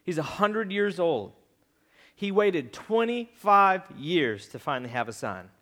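High-voiced pastor preaching casually. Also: male voice, unhurried. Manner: animated, builds to loud emphatic peaks; repeats phrases for emphasis. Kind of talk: casual conversational sermon.

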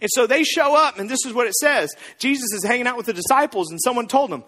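A man preaching a sermon as pastor, telling the story in an animated, joking way. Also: very high voice, fast talker, few pauses, long reverb tail. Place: church.

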